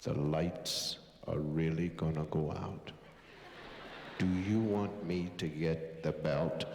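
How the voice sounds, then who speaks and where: A man acts out a stern father growling slow warnings at his boys. The voice sits very low and drags each word out. It comes off a hissy old vinyl record with a long, roomy echo. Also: steady tone, darkish tone, exaggerated voice. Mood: menacing. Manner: slow, menacing, drawn-out warnings. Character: stern gruff father threatening his sons.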